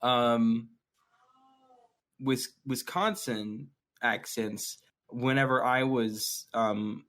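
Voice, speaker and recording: A man's voice: medium pitch, extremely slow, fairly bright tone. A man co-hosting a casual podcast, telling stories in a rambling way with many fillers and frequent swearing. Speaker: podcast co-host.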